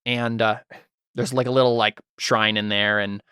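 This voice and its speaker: A man's voice: fairly low pitch, level tone, normal speed, pushed and bright, smooth, no room sound, studio quality. A man narrating as game master of a tabletop role-playing game, talking loosely with many fillers and restarts.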